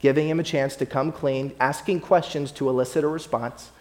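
A man's voice: fairly high pitch, fairly even intonation, fairly quick, darkish tone. A man preaching a sermon in an earnest, conversational way, often repeating his phrases. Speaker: pastor.

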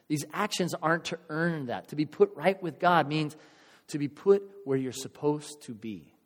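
A male pastor giving a sermon in a church, telling a story in a casual, animated way and acting out the crowd's voices. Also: on the high side, in a large hall.

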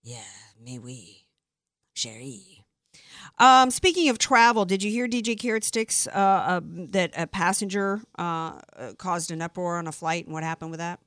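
A woman from the American Deep South, hosting a talk radio show with emphatic, opinionated chatter. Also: fairly bright tone, smooth, dry recording, clean studio sound. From Deep South of the United States. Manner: emphatic, opinionated, quick asides.

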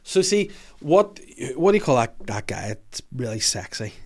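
Man, podcast host, jokey, mid-pitched voice, laughs a lot. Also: sing-song, normal speed. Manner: jokey, laughs often, breaks into silly voices. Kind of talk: casual comedy chat.

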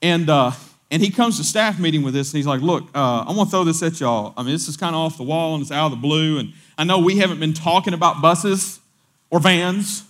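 A man, a pastor telling a story during a sermon in a conversational way, often repeating words and quoting people in animated voices. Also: a little high, brisk.

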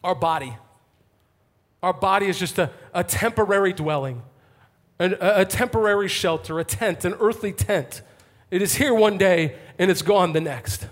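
A male pastor delivering an impassioned sermon to a congregation, swinging from fervent calls to hushed intensity. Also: high voice, moderate pace. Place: church, before a congregation.

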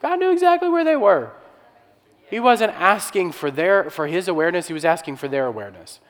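A man's voice: high voice, sing-song, a little fast. Pastor guy preaching, chatty, asks the room questions, big echoey church. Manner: conversational preaching with restarts, rhetorical questions. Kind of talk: sermon.

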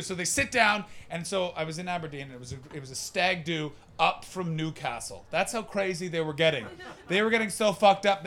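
A man's voice: high-pitched, fairly bright tone. A man doing stand-up comedy, telling a rambling, crude, self-mocking story and chatting with people in the crowd. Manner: talks with the crowd.

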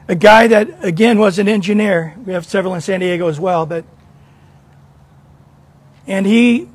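A man preaching a sermon to a church congregation, earnest and questioning, often repeating a word as he starts. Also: sits high. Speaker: pastor.

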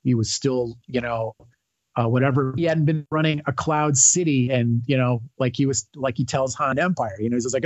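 A man's voice: medium pitch, fairly even intonation, normal speed, no echo, muffled recording. A man talking as a podcast guest, rambling and enthusiastic with many fillers and restarts. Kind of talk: casual chat.

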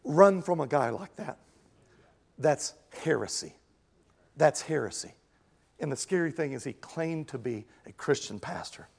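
A pastor preaching a sermon, animated and jokey, who slips into mimicking other voices. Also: male voice, a little high, unhurried, vocal fry, pauses often, big-room sound.

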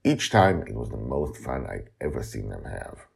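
A man's voice: a bass voice, sing-song, normal speed, vocal fry, breathy edge. A man hosting a podcast, telling a storybook tale in a rambling, casual way with asides. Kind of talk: casual chat and storybook narration.

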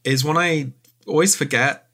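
A man's voice: a little high, fairly even intonation, moderate pace, bright, forceful tone. A man co-hosting a podcast in casual chat, speaking hesitantly with many ums and frequent laughs. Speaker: podcast co-host.

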